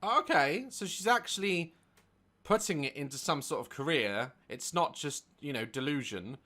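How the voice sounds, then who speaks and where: A woman reacting to a clip with sarcastic, joking commentary. Her voice is bright and lively, rising and falling a lot as she riffs in disbelief. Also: low-pitched, moderate pace, soft background music. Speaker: reaction video host.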